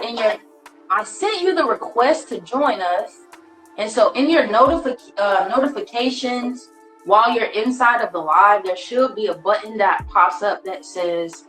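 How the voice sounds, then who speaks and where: A woman hosts a casual live stream from her phone. She talks in a slangy, playful, coaxing way. Her voice sits at a middle pitch, with an echoey room and faint music behind her. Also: fairly bright tone.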